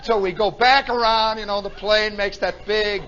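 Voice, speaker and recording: Brief: male radio yarn-spinner live in a club, bright tense voice, animated, mimics sounds, faint hiss on old tape. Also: sits high, normal speed, few pauses. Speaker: radio storyteller and host. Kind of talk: live comic storytelling. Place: nightclub, live show. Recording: dull 1960s radio recording with faint hiss.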